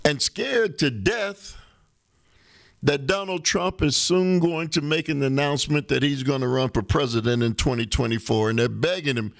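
A man hosting a talk radio show, giving an unhurried, conversational political monologue with rhetorical questions. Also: fairly high pitch, vocal fry, no echo, studio quality.

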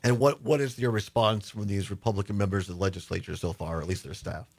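A man's voice: on the low side, steady tone, fast talker. A man hosting a political talk radio show, interviewing guests in a conversational, indignant manner.

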